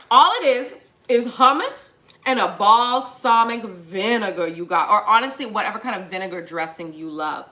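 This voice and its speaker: Bright, playful woman cooking live. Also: medium pitch, slight background noise. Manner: chatty and playful, addresses viewers as y'all; bursts into improvised little songs. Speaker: cooking show host. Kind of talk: live cooking demonstration, casual. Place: kitchen.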